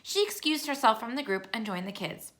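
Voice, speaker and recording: A woman reading a children's chapter book aloud as narrator, with steady, clear storytelling. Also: a little high, a little fast.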